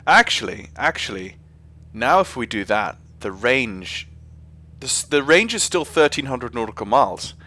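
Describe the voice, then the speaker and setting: A man's voice: mid-range voice, big pitch swings, normal speed, pushed and bright. Man, English accent, casual live-stream chatter, rambling, restarts his sentences, mid-range voice. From England. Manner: chatty, rambling, frequent self-corrections. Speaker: flight sim streamer.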